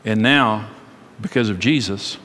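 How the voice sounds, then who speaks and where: A man's voice: lowish voice, unhurried, fairly bright tone. A middle-aged male pastor preaching a sermon with impassioned, repetitive, rhythmic emphasis. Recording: long reverb of a large hall.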